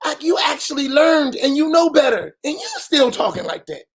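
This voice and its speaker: A man's voice: very high voice, sing-song, moderate pace. Emphatic preaching man, colloquial delivery. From United States. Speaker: imam. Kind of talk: post-dawn-prayer talk.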